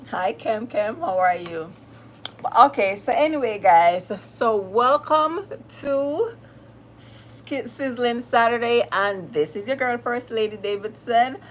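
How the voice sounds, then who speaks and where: A woman with a Jamaican accent hosts a casual livestream and greets her viewers one by one in a chatty, upbeat way. She talks at an unhurried pace, and a faint background noise sits under her voice. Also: a little high, animated. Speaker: livestream host.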